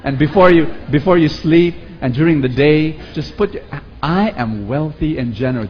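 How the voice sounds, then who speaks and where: Animated Filipino-accented male preacher. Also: sits high, slightly rough, lo-fi sound. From Philippines. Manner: animated, acts out quoted voices, calls for audience response. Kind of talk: sermon.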